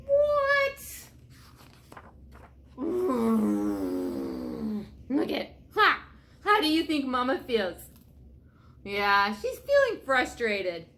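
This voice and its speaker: A children's storyteller reads a picture book aloud to young children, playfully asking them questions. Her voice is high-pitched, very animated and sharp, and she reads slowly.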